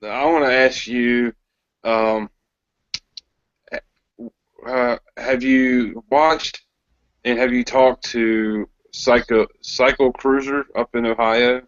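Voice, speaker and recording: A man in a casual chat, speaking hesitantly with many pauses and restarts. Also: medium pitch, steady tone, clean tone, dry recording, muffled recording. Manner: hesitant, lots of ums and restarts.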